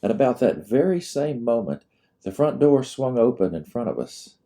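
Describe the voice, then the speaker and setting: A man narrating his own historical storybook in a measured, expressive reading. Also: medium pitch. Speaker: author narrating his book.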